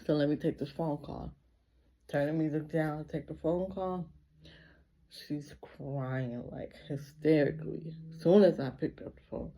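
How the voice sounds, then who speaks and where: A woman's voice: low voice, fairly even intonation, unhurried, dull audio. A woman telling a personal story in a casual vlog, speaking emotionally and filling her sentences with repeated 'like'. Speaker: vlogger.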